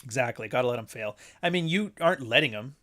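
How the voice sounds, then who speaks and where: A man's voice: mid-range voice, animated, quick pace, pushed and bright. A man hosting a casual livestream chat from home, rambling bluntly and swearing often. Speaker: host, author. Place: home near Toronto.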